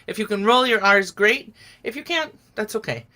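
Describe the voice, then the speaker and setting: Middle-aged woman, song leader, bright and clear, patient and encouraging, on a video call. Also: medium pitch, animated, moderate pace. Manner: patient, encouraging, explains step by step. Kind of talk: online singing lesson.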